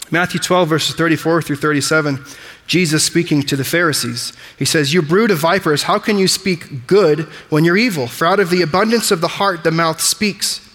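Pastor, male, higher-than-average voice; emphatic preaching style, recorded with lingering room reverb. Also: a bit bright. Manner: emphatic preaching, explains Greek words. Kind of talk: sermon.

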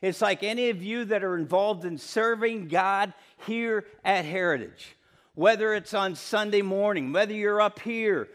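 A man's voice: sits high, a little slow, fairly bright tone. A middle-aged male pastor preaching a sermon in a conversational way, often asking the congregation questions.

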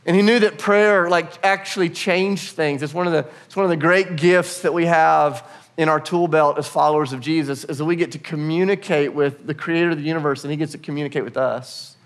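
Casting: middle-aged male pastor, slightly higher voice, casual earnest sermon delivery. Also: a bit bright. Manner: earnest, conversational, laughs often.

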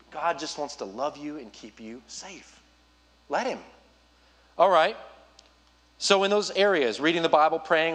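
A man preaching as a youth pastor, urging his listeners directly with an earnest, personal manner and quick asides. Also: on the high side, a bit bright. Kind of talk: sermon.

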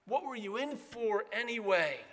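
A man's voice: sits high, expressive, measured pace, fairly bright tone, big-room sound. A man voicing a smug, sarcastic churchgoer who makes whiny excuses to the Lord.

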